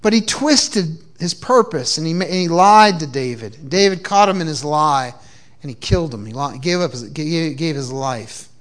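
A man's voice: on the high side, lively intonation, normal speed, a bit bright. A man preaching a sermon with call-and-response cues and frequent repeated restarts, from New England. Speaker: pastor. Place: church.

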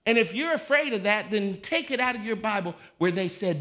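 A man preaching with a high, ringing voice that cuts through. He is confrontational and taunting, dropping into scornful asides before rising to a shout. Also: expressive, a little fast, few pauses. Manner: confrontational, swings from mocking mutters to shouting. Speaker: pastor. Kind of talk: fiery sermon.

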